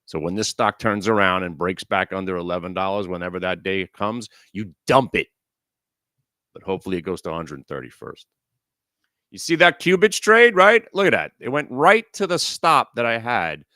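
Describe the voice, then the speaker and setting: A man's voice: low-pitched, animated, moderate pace, bright, forceful tone. A middle-aged man hosting a live stock trading room, ranting frantically with lots of swearing. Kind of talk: live market commentary.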